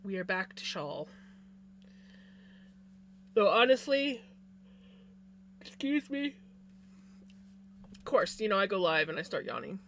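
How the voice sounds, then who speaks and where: A woman's voice: mid-range voice, sing-song, slow pace, pauses often, a bit bright, slight background noise. A woman streamer chatting casually with her viewers while she crochets, greeting them by name and yawning now and then. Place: home room with a fan. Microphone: desk microphone.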